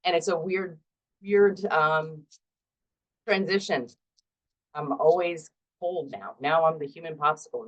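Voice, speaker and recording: A middle-aged woman with a low voice talks casually to the camera as a vlog host. She is chatty and self-deprecating, and she laughs easily between thoughts. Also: dull audio.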